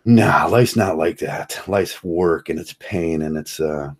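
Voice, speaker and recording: A man's voice: deep voice, slow, husky. A man ranting in a casual monologue vlog, sarcastic and rambling, often breaking into chuckles and restarting his sentences. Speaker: vlogger.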